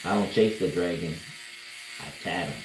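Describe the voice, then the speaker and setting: Speaking low at a normal speed, a man livestreams from his tattoo studio mid-session, spinning casual stories in a relaxed, slang-heavy, profane way and chuckling at himself. The audio is roomy against a noisy background.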